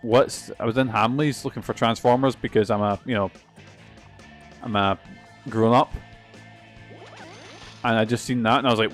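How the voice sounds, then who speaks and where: A man's voice: mid-range voice, fairly even intonation, moderate pace, long pauses, soft background music. A young man streaming a video game, rambling and swearing often in casual, self-mocking chatter. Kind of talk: casual let's-play commentary.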